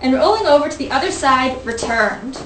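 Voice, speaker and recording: A woman's voice: high voice, expressive, brisk, a bit bright, soft background music. A woman hosting a show, reading a story aloud in a casual, playful way with teasing asides. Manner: playful, teasing, breaks into giggles. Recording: roomy, distant mic, faint noise.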